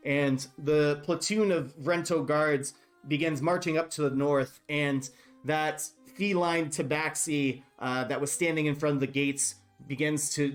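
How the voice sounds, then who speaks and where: A man running a tabletop game as game master, describing scenes with many fillers. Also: fairly high pitch. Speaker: dungeon master.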